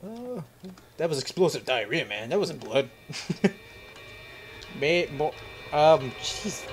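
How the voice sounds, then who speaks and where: A man giving joking, profane commentary while playing a horror game, yelping and shouting whenever something chases him. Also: on the high side, very animated, takes it slowly, pauses often, slight background noise. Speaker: let's play host. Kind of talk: casual horror gameplay commentary.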